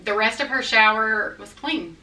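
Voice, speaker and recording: A middle-aged woman talks straight to her viewers, blunt and a little defensive, in a folksy manner. Her voice is bright and forceful. It rings in a roomy echo, as if she stands back from the mic. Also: on the high side, moderate pace, recorded from a distance. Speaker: vlogger addressing viewer comments. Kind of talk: candid talk to camera. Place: her house, indoors.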